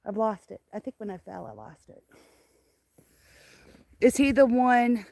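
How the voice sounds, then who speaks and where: An older woman hosts a casual live stream outdoors in the snow, filmed on a phone she holds in her hand, doting on her grandchild and laughing often. Her voice is on the high side, a little mellow, with vocal fry and an unhurried pace, and there's no echo.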